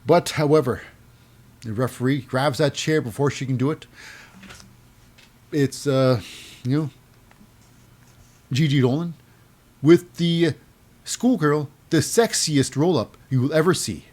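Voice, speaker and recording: A man's voice: on the high side, unhurried, long pauses, darkish tone. Rambling man recapping wrestling shows. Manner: rambling, many fillers and restarts; acts out quotes in a raised voice. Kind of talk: casual wrestling show recap.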